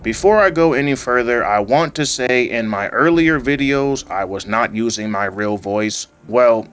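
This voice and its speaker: A man reading a scripted gaming video essay into a home microphone, in a calm, fairly monotone way with occasional rises. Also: mid-range voice, normal speed, clear, resonant tone. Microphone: home microphone voice-over. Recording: faint background music under voice-over.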